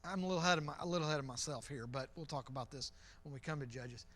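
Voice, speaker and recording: A man's voice: a little high, very fast, fairly bright tone. A middle-aged man preaching in church as pastor, earnest and conversational, often repeating his phrases. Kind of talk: sermon.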